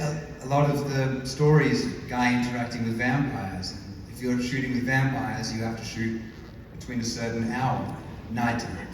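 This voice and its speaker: A man's voice: mid-range voice, distant mic. A male actor chatting on a convention panel about long night shoots. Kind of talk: panel talk. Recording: echoey convention hall with noise.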